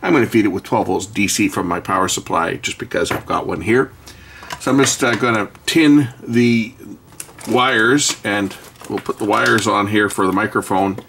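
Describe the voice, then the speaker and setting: A middle-aged man casually demonstrating an electronics board, relaxed and explanatory with frequent pauses and fillers. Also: on the low side, gravelly, slight background noise. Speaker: electronics hobbyist channel host. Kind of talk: casual hands-on product demo.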